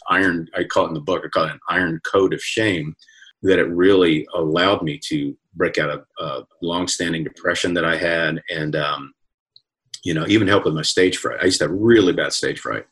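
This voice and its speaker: A man with a deep, low voice talks through personal stories in a chatty, reflective way, often quoting what others said to him. He is a comedian and author, heard over a video call. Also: fairly bright tone, breathy edge. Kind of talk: casual storytelling interview.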